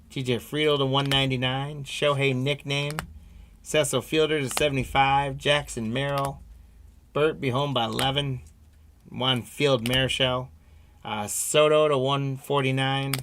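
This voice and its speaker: A man hosting a live-streamed trading card break, calmly reading out each card and chatting with viewers by name. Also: mid-range voice, a little hiss or hum. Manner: unhurried, reads card names off one by one, friendly asides to viewers.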